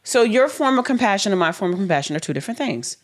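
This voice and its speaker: A woman's voice: medium pitch, sing-song, quick pace. A young adult woman, a podcast co-host, in an earnest, candid conversation with her husband, acting out quoted dialogue as she explains herself.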